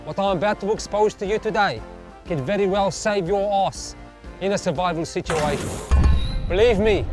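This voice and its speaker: A gruff, stern army sergeant major, as a man puts him on, barking out a deadpan military briefing. His voice sits high and clipped, and music plays underneath. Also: lightly acted. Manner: barking orders, mock-serious military briefing.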